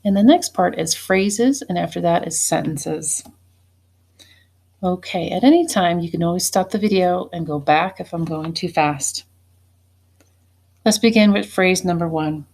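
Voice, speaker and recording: A woman teacher giving a spelling test, saying each word slowly and deliberately and then saying it again. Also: lowish voice, a little mellow. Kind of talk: slow spelling dictation.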